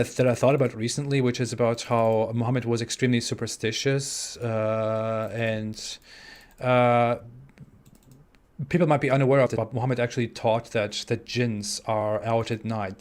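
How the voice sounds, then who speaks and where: This livestream host is a man in his twenties with a German accent and a voice of middling pitch, broadcasting from home in the American Midwest. As he reads out super chats from viewers, he stumbles along, often restarting and leaning on filler words.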